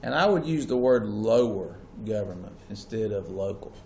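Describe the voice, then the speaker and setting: A man's voice: on the low side, expressive, normal speed, a little mellow. A man teaching a class, explaining step by step and often asking students whether they follow. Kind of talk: classroom lecture. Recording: echoey classroom with faint hum.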